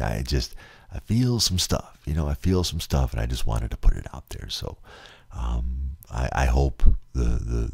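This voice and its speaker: A man with a very deep, husky voice hosts a solo podcast. He rambles earnestly, trips over repeated words and sounds close to tears. The recording is dry and close to the mic. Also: darkish tone, no echo. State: near tears. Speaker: podcast host.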